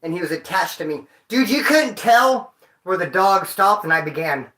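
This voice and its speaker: A man's voice: sits high, expressive, moderate pace, bright, forceful tone, echoey room, a little hiss or hum. A man vlogging, telling stories to his viewers in a rambling, profane way full of street slang. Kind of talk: casual storytelling to viewers.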